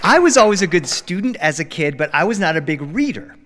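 A middle-aged man spins a funny personal tale for a live studio audience, his voice sitting a bit high and leaping up whenever he acts out the panic. A long reverb trails each phrase, as if the room were a small hall. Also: brisk, some chatter behind. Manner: animated, acts out dialogue with big pitch jumps. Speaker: storyteller. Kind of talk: live storytelling performance.

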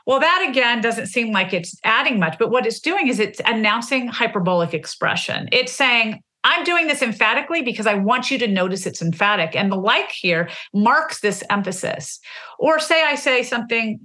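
A woman in her forties, a linguist, giving animated explanations in an interview and acting out example phrases. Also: fairly high pitch, brisk. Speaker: linguist guest.

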